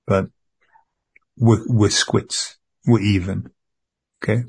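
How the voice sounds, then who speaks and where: A man with a low, gravelly voice speaks earnestly in a therapy session, stumbling and repeating his words. His tone is husky. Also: flat delivery. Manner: earnest, repetitive, halting with restarts. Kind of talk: emotional spoken address to an empty chair.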